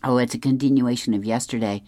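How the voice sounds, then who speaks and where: Someone reads an advice column and the comics aloud, chuckling often and taking their time. The voice is mid-range, steady in tone and a little mellow, with no echo.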